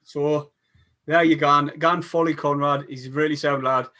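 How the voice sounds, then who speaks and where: A man's voice: a little high, steady tone, normal speed, bright, forceful tone. A man, hosting a casual football chat and stumbling over restarts as he reads viewer comments aloud. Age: 40s. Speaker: podcast host.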